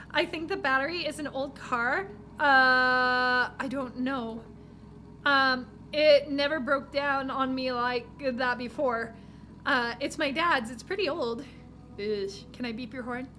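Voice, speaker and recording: A woman's voice: high-pitched, slow pace, bright, forceful tone, slight background noise. A young woman streaming a horror game live, giggling and reading the game's dialogue aloud in a playful way. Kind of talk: live gameplay commentary.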